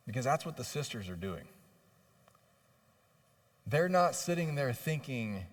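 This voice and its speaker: A man's voice: mid-range voice, very animated, a little slow, long pauses. Impassioned male preacher in a reverberant church. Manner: impassioned preaching, voicing pleading questions with rising intensity. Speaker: pastor. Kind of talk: sermon. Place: church sanctuary. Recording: long reverb of a church hall.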